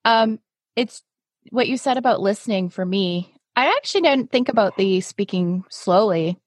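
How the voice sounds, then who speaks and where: Woman podcast host, chatty and self-deprecating, dry close mic, mid-pitched voice. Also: expressive, normal speed, dry recording. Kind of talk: casual podcast conversation.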